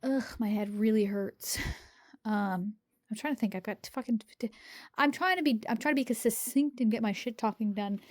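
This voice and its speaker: Young woman, slightly high voice, hoarse and winded, tired rambling diary vlog, lots of swearing. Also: normal speed. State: hoarse from singing; out of breath from pacing. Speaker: vlogger recording a video diary. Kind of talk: casual diary monologue. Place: home kitchen, microwave running.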